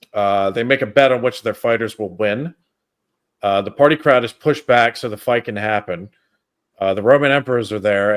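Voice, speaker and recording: A man hosting a film review podcast, chatting casually in a rambling way with plenty of fillers. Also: on the low side. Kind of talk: casual chat.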